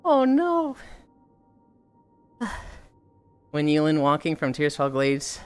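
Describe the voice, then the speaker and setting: A woman's voice: low-pitched, sing-song, slow, smooth, soft background music. A woman livestreamer chatting casually with her viewers, rambling, sighing often and swearing offhandedly.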